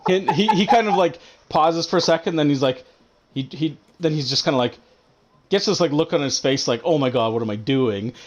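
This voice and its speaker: A man narrating as game master of a tabletop game, talking in halting bursts full of fillers. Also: a little high.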